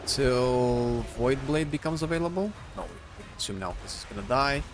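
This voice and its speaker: A young man giving live gameplay commentary, excitable, chanting and shouting at the game. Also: mid-range voice, moderate pace, noisy background. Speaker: game streamer. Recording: faint music behind.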